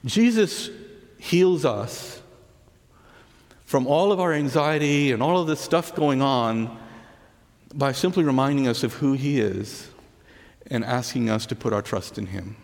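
A man preaching a sermon, telling the story earnestly and dropping to soft, hushed words on key lines. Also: medium pitch, a little slow, pauses often. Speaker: pastor. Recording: long hall reverb.

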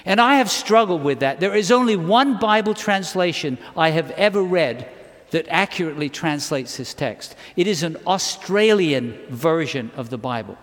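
A man's voice: fairly high pitch, expressive, moderate pace, fairly bright tone. A man preaching a sermon to his church congregation, impassioned and emphatic, often putting questions to his listeners. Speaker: pastor. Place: church sanctuary. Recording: reverberant hall.

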